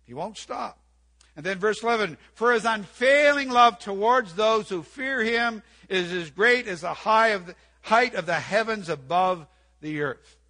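A man's voice: high-pitched, expressive, unhurried, sharp tone. An older man preaching an earnest sermon in church, repeating key phrases and quoting scripture. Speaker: pastor.

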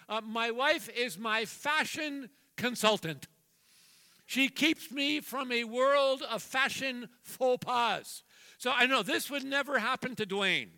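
A man's voice: high-pitched, pushed and bright. A man in his sixties preaching a sermon, jovial and self-deprecating, telling family anecdotes with playful acted-out voices. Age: 60s. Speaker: guest preacher. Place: church sanctuary. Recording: long hall reverb.

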